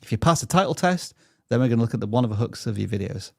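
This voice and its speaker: A man's voice: mid-range voice, animated, rapid-fire, creaky, dry recording, clean studio sound. A man hosting a live stream, reading out viewer questions in an upbeat, chatty way and stumbling over unfamiliar names. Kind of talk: live channel-review stream.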